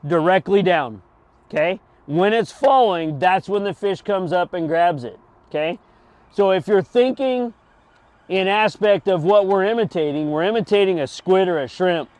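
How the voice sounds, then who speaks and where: A man's voice: high voice, clear, resonant tone, dry recording. A middle-aged man giving a patient, hands-on fishing lesson, often checking in with "okay?" as he demonstrates. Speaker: fishing instructor. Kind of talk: outdoor how-to lesson.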